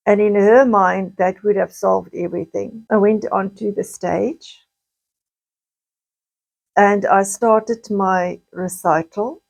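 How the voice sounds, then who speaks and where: Slow, halting woman. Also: medium pitch, fairly even intonation, gravelly, a little mellow, rough recording. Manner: slow, halting, with frequent restarts and pauses. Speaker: vlogger recounting childhood memories. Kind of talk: personal storytelling monologue.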